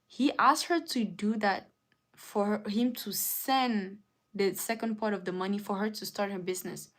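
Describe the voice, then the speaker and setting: A woman at an ordinary middle pitch, talking loosely to her live chat. She strings the story together with lots of "like" and "and then", and slips in quick lines for each side as she retells it. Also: fairly bright tone. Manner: rambling retelling, acts out both sides with "she's like". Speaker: streamer.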